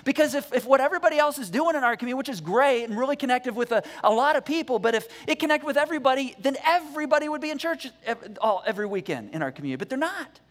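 A man preaching a sermon as pastor, energetic and conversational, often restarting his words. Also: very high-pitched, rapid-fire, few pauses. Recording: echoey church hall reverb.

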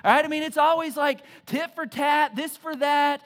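A pastor preaching a sermon, telling family stories with animated, repetitive emphasis. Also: male voice, extremely high pitch, moderate pace.

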